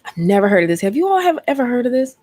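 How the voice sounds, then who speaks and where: A woman's voice: a little high, sing-song, very fast, darkish tone. A woman hosting a casual chat stream, rambling and talking straight to her viewers. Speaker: host.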